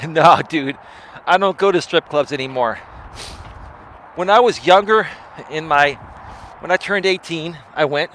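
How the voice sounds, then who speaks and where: A man's voice: fairly high pitch, unhurried, pauses often, fairly bright tone, slight background noise. Chatty male life coach, forty-something. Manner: chatty, tags lines with "right?". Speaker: life coach and stream host. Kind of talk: casual live stream monologue.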